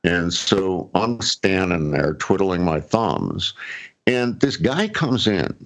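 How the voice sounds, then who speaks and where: A middle-aged man with a low, slightly bright, sing-song voice tells a personal story slowly and casually. As a guest, he rambles with fillers and restarts and chuckles often.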